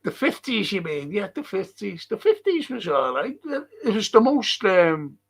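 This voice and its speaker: A man's voice: high voice, big pitch swings, a little slow, gravelly. An older man hosting a livestream, rambling casually, swearing and chuckling as he reads out viewer comments. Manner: rambling and profane, chuckling often. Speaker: livestream host.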